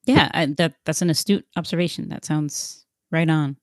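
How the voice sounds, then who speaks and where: Podcast co-host, woman, lower voice, measured explainer who keeps asking her partner questions; dead-dry close mic. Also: darkish tone, no echo.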